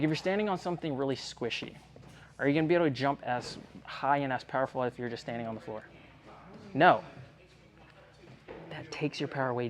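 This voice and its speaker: A man coaching a young athlete one-on-one in a gym, speaking directly and earnestly, often checking whether she believes him. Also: fairly high pitch. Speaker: tumbling coach.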